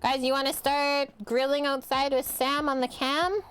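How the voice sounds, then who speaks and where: A woman's voice: high-pitched, flat delivery, normal speed, a bit bright, faint music behind. A woman co-hosting a live cooking stream, chatting casually with viewers and her partner while she cooks.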